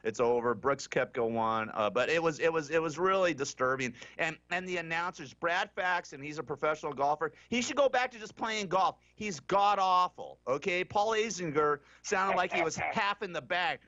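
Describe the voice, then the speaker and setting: A man's voice: on the high side, expressive, moderate pace, hardly any pauses, pushed and bright, dry recording. A man hosting a radio talk show, ranting brashly in casual talk and laughing often, heard through a dull, muffled broadcast.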